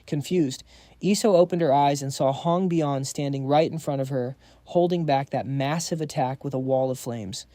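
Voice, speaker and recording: Mellow-voiced man narrating a story recap. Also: mid-range voice, normal speed, no echo. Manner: dramatic, slangy storytelling.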